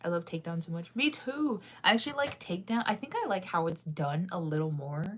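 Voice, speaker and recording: A young woman with a slightly low voice chats with viewers while she reads comments. She keeps it loose and talkative and laughs often. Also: expressive, fairly quick, fairly bright tone. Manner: chatty, laughs often, sings snippets off-key. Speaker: livestreamer reading comments. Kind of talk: casual chat with viewers.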